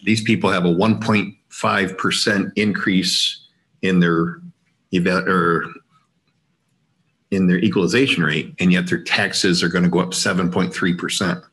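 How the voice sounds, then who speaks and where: Deep-voiced skeptical board member. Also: male voice, steady tone, unhurried, a bit bright. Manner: pointed, skeptical. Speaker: board member questioning figures. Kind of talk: meeting discussion.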